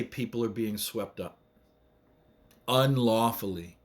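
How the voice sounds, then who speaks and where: Guy talking slow and serious, mid-pitched voice, emphatic repeat-everything rally speech. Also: fairly bright tone. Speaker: vlogger. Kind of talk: impassioned political monologue.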